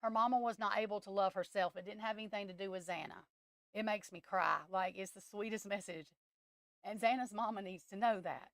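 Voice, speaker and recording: Woman streamer, smooth voice, dry sound, rambling, blunt and emotional. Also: mid-range voice, brisk, no room sound. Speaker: tarot reader hosting a live stream. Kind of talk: casual live-stream chat.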